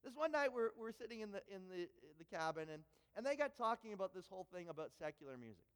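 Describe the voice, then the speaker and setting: A man preaching a sermon and telling a story, animated and often repeating words when he gets excited. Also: high voice, fast, clear, resonant tone. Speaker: pastor. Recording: long hall reverb.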